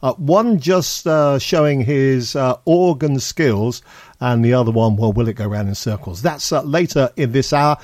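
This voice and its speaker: A man presenting a radio show, talking easygoing and chatty between records with a halting delivery. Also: medium pitch, darkish tone, no echo, studio quality. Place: radio studio. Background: faint music.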